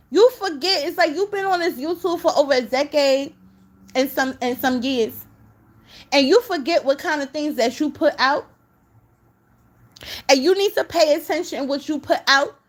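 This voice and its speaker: Reaction commentator: high-pitched woman, exasperated and scolding, casual delivery. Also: normal speed. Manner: scolding, exasperated, talks straight at the subject.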